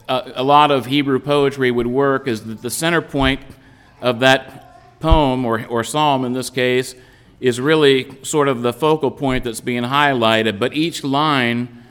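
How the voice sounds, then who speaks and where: Man, Orthodox priest, patient explanatory sermon, mid-pitched voice, reverberant hall. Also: a bit bright, smooth. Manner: patient, explanatory, with frequent restarts. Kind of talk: teaching sermon on a psalm.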